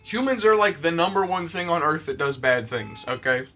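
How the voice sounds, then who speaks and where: A man's voice: on the high side, normal speed, bright, forceful tone. A man talking to camera in a casual, blunt and profane rant on his own channel. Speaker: YouTuber.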